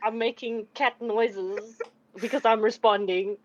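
A woman's voice: on the high side, steady tone, measured pace, lo-fi sound. A woman playing a tabletop game, chatting in a giggly, playful way. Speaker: player. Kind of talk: casual chat.

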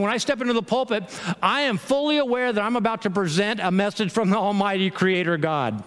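A man preaching a sermon as pastor, animated, with laughs and quick quoted asides. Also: high-pitched, big-room sound.

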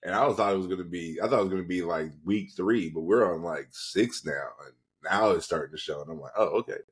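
Low husky young man rambling. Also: fast talker. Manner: rambling storytelling with profanity and acted quotes. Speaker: podcast co-host. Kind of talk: casual chat.

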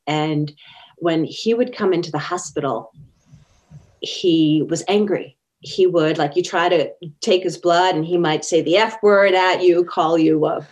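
A woman's voice: on the low side, measured pace, a little mellow. A woman telling personal stories as an interview guest, earnest and acting out the quotes. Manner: earnest, acts out quoted speech. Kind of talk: personal storytelling in conversation.

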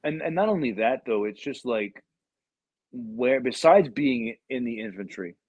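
A man's voice: medium pitch, lively intonation, measured pace, breathy edge, no echo, muffled recording. Podcast host, young man, slangy and profane, close dry sound. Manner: slangy, profane storytelling with many fillers. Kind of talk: casual chat.

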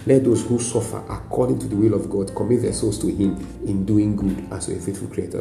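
A man's voice: fairly low pitch, steady tone, brisk, gravelly, hardly any pauses, dark tone, roomy sound. A Nigerian man preaching a sermon as a pastor, emphatic, repeating lines and adding frequent "praise God". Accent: Nigerian English.

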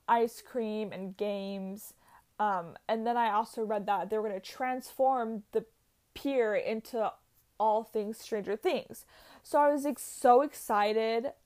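A woman's voice: a little high, darkish tone. A young woman chatting casually and gushing, full of "like" and "um". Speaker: vlogger. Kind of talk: casual chat.

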